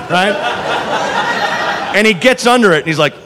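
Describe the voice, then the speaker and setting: A man doing stand-up storytelling, animated and profane, acting out the people in his story. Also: high-pitched, fairly quick. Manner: animated, profane, acts out characters. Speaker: stand-up comedian. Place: comedy club with live audience. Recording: live club recording with crowd noise.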